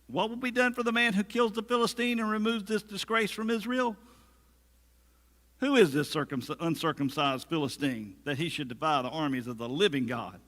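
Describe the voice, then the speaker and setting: A man's voice: a little high, fairly bright tone, long reverb tail. A man preaching a sermon as pastor, conversational, with humorous asides and acted-out quotes. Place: church sanctuary.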